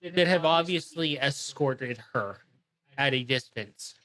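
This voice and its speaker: A woman narrating as game master of a tabletop game, in an unhurried, casual way. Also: rumbling low, a bit bright.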